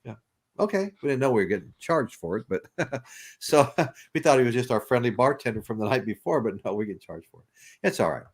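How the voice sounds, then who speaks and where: A man's voice: mid-range voice, animated, brisk, breathy edge. A man hosting a podcast, telling a long story in a rambling way with restarts. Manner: rambling, with repeated restarts and laughs. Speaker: podcast host. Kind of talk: casual storytelling chat.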